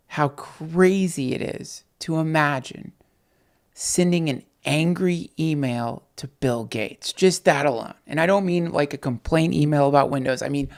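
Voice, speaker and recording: Gravelly rambling livestream host, a man. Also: fairly high pitch. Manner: rambling, profane, excitable, talks to viewers. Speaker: podcast host on a night livestream. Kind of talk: casual rambling livestream chat.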